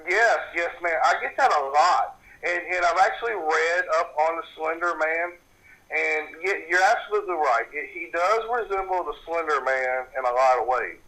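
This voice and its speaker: Bright-voiced man telling a story. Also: a little high, normal speed, low-quality recording. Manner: animated storyteller, repeats words when worked up. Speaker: paranormal investigator. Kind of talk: interview, recounting a personal story.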